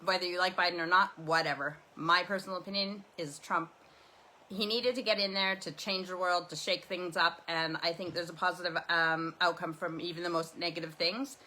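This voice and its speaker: A woman's voice: on the low side, fairly even intonation, a little fast, bright, forceful tone. A Canadian woman hosting a casual, rambling chat show with lots of fillers, speaking over a video call. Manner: rambling, chatty, many fillers. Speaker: host.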